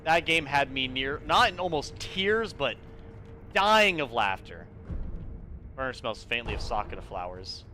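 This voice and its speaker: A streamer talking in a casual, playful, rambling way while playing a game. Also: male voice, mid-range voice, sing-song, a little slow, background noise. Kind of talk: casual live-stream chat.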